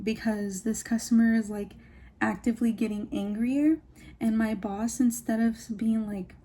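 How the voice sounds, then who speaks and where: Chatty young woman, warm higher voice. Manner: chatty, swears freely, lots of "like"; animated retelling, acts out quotes. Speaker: beauty vlogger. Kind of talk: get-ready-with-me storytime chat.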